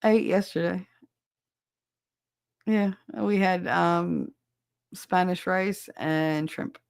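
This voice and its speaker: A woman's voice: on the low side, slow, vocal fry, clean tone, dry recording, studio quality. A woman hosting a podcast, chatting casually with listeners, blunt and swearing freely. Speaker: podcast host reading listener chat. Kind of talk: casual chat.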